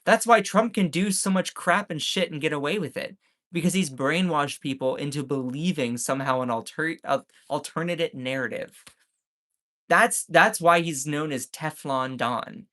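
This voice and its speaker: A man's voice: on the high side, normal speed, pushed and bright. A man from the States, ranting sarcastically in live-stream commentary. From Southern United States. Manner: sarcastic, mocking.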